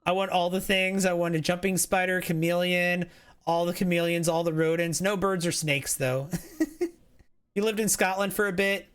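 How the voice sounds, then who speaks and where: A man's voice: sits high, steady tone, moderate pace, a bit bright, clean tone. A man streaming a game, chatting casually in a rambling way, reading chat aloud and often restarting his sentences.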